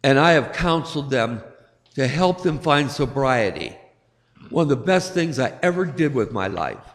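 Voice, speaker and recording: A man's voice: mid-range voice, very animated, moderate pace. A male pastor giving a sermon, telling stories and acting out voices with rising emphasis. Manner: storytelling preacher, acts out voices with rising emphasis. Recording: long hall reverb.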